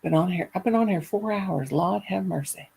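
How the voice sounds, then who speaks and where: A middle-aged woman telling a funny story in a casual chat, animated and laughing as she goes. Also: fairly low pitch, moderate pace, gravelly, slightly rough, low-quality recording. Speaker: caller.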